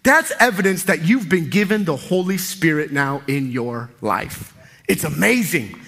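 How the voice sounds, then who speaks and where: Pastor, male, bright high voice, energetic emphatic preaching. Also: a little slow, vocal fry. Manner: energetic, emphatic preaching with sudden loud peaks. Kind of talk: sermon.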